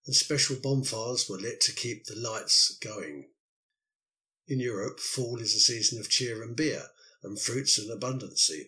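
An older man hosts his own podcast, musing through a loosely scripted monologue with the occasional filler. His voice sits a little low, yet it comes across as strikingly bright and forceful. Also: poor audio. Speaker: podcast host.

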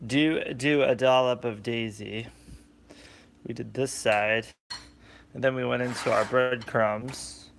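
A man chatting on a live cooking stream, greeting viewers by name with sudden animated bursts, recorded on a phone on a selfie stick in a home kitchen. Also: medium pitch, takes it slowly, vocal fry, a little hiss or hum.

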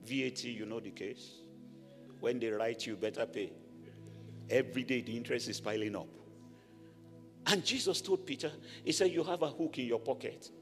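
A man from Nigeria preaching a sermon as pastor, animated, rising to shouted blessings over the congregation. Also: mid-range voice, normal speed, long pauses. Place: large church hall. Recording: echoey church hall with music.

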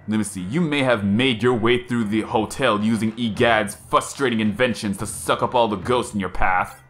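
A man's voice: fairly low pitch, normal speed, a bit bright, faint music behind, lightly acted. A man voicing a gloating male ghost king villain, reading the game's dialogue in a melodramatic, sneering way. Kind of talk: reading game dialogue aloud.

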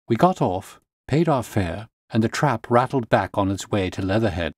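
A man reading a classic detective story aloud in a measured, calm narration. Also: lowish voice, no echo, studio quality.

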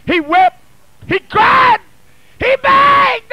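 Man, Pentecostal bishop, rhythmic shouted preaching, drawn-out slow phrases, very high voice. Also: sing-song, gravelly. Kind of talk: Pentecostal sermon. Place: church sanctuary. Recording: archival 1980 church recording, distant in spots.

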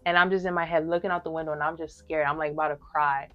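A woman's voice: low voice, steady tone, quick pace, dull audio, soft background music. A woman in her early twenties sharing a personal faith testimony in casual, emphatic talk straight to her viewers, full of fillers. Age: early 20s.

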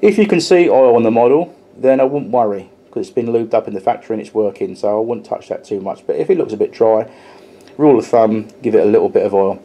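A man's voice: on the low side, fast, dark tone. A man reviewing a model locomotive in a casual, chatty way, with frequent ums and restarts as he explains details hands-on.

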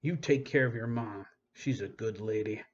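A man's voice: on the low side, moderate pace, natural voice. A male audiobook narrator voices a blustery grown man who snaps and barks, his voice lifted well above the narration. The recording is slightly dull with a faint hiss underneath. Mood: gruff. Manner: barking, sarcastic.

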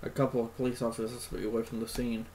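A man's voice: medium pitch, flat delivery, very fast, mellow, a little hiss or hum, poor audio. Teary man swearing through a game reaction. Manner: swears often, repeats himself, fights back tears. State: teary-eyed. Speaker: game streamer. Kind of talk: emotional let's-play reaction.

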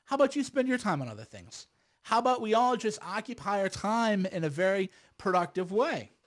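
Combative high-voiced man talking to viewers. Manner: combative, repeats words and restarts, asks "right?". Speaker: lawyer and filmmaker. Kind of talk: casual monologue to viewers.

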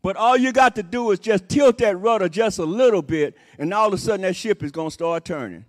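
A man's voice: high voice, brisk. A man preaching a sermon as associate pastor, repeating his points with emphasis and breaking in with "Amen" and "Praise the Lord.". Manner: repetitive emphatic phrasing. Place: church sanctuary. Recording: long reverb of a church hall.

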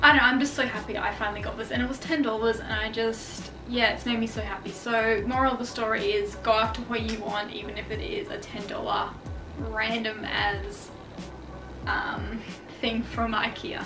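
A young woman, a fashion vlogger, chatting excitedly in her bedroom with lots of fillers. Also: a little high, normal speed. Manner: gushing, filler-heavy, excitable. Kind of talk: casual vlog chat. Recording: echoey room, far from mic, music behind.

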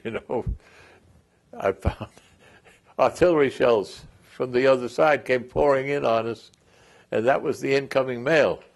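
Old guy in his 80s, gravelly, tells army stories in an interview, lots of restarts. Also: medium pitch. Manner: rambling, chuckling storyteller with restarts. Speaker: Korean War veteran interviewee. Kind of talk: oral history interview.

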